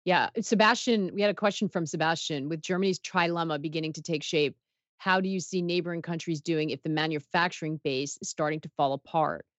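A woman's voice: low-pitched, steady tone, a little fast, dry recording. A woman hosting an interview, asking questions conversationally and reading out viewer questions. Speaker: interview host.

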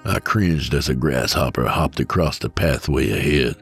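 A man giving a steady, measured first-person reading of a scripted horror story. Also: rumbling low, gravelly, husky, faint music behind. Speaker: narrator.

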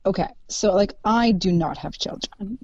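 A woman's voice: medium pitch, normal speed, a little mellow, no room sound. A woman in casual chat, gushing and laughing often, with many "like"s. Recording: dull, dry sound.

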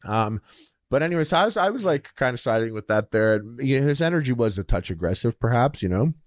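Lively storytelling man, dry sound. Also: medium pitch, fast, no room sound. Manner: animated storyteller, acts out quoted people in shifting voices. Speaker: podcast co-host. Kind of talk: casual storytelling chat.

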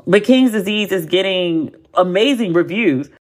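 An American woman in her forties hosts a podcast and chats casually in a blunt, animated way, with lots of profanity and emphatic repetition. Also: on the low side, a little slow. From United States. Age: 40s. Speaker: podcast host. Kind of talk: casual chat.

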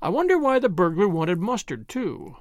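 A man doing a mild, quietly grave priest. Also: sits high, big pitch swings, moderate pace, no echo. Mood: mild whimsical. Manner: vague, then quietly grave. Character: mild, gently odd little male priest.

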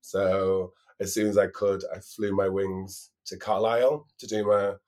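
A Northern English man chats as a podcast guest in a relaxed, giggly way, with plenty of "um" and "like". His voice sits a little lower than average. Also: unhurried. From Lake District, England. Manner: relaxed, giggly, lots of fillers. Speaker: guest, drag performer. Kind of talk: casual chat.

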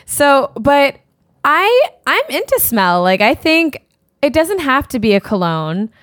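A woman's voice: sits high, big pitch swings, slow pace, fairly bright tone, no room sound, studio quality. A woman co-hosting a podcast in casual chat, talking loosely with plenty of filler words. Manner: chatty, lots of "like" and "um". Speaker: podcast co-host.

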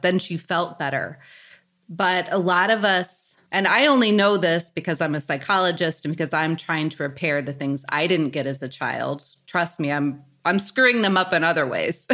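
A woman in her forties, a psychologist guest on a podcast, explaining things calmly and reflectively. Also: lowish voice. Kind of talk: podcast conversation.

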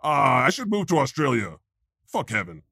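A man playing a deadpan, teasing God. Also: medium pitch, moderate pace, vocal fry, slightly rough, dry recording, clean studio sound, full character voice. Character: God, a joking laid-back male deity. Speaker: podcast co-host. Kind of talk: comedic improv podcast chat.

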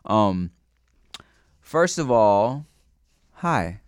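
A man's voice: fairly low pitch, very animated, very slow, smooth, no echo, studio quality. A man co-hosting a casual podcast, rambling and stumbling over his words and swearing freely. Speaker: podcast co-host. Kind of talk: casual chat.

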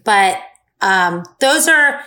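A woman in a relaxed casual chat, speaking easygoingly with frequent fillers. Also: mid-range voice, very slow.

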